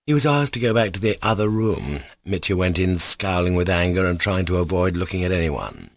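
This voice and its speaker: A man narrating a classic novel in a steady, even storytelling manner. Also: sits low, fairly quick, few pauses, dry recording. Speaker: audiobook narrator. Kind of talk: scripted narration.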